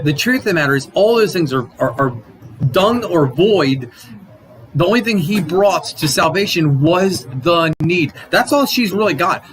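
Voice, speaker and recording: A man teaching a casual Sunday school Bible lesson, animated, acting out quotes and often restarting his sentences. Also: a little high, slight background noise, low-quality recording.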